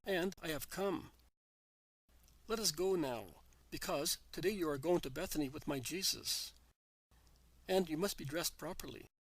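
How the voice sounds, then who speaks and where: A man reading the part of Mary, a devoted middle-aged mother, in a soft, pleading way. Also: a little high, a little slow, pauses often, slightly rough, no room sound, low-quality recording. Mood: tender.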